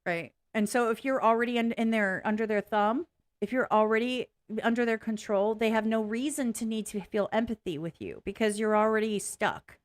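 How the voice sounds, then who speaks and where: A woman's voice: fairly high pitch, normal speed. A woman talking frankly and bluntly as the host of a reaction video, rambling, swearing and interrupting herself. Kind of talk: casual personal commentary.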